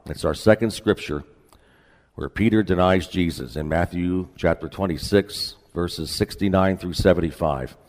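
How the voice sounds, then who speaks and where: A man pastor preaching a sermon in a relaxed, conversational way with folksy asides, in a church sanctuary. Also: low-pitched, moderate pace, in a large hall.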